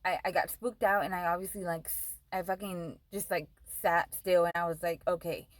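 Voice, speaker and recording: This young woman's lowish, steady voice moves at a normal pace as she rambles through a vlog story, cursing a lot and leaning heavily on "like." The sound is dry, and the audio is poor.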